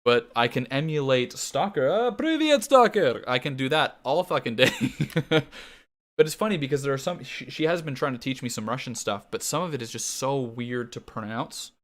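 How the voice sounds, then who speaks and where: Young canadian dude streaming a game, chill rambling chat, swears a lot. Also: male voice, mid-range voice, normal speed, a bit bright. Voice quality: casual, profane, laughs often. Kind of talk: casual gaming stream chat.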